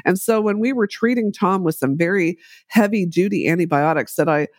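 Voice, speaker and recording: A middle-aged woman, an epidemiologist, telling her story in a podcast interview with animated delivery and acted-out quotes. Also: on the low side, fairly quick, no echo, studio quality. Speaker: guest, infectious disease epidemiologist.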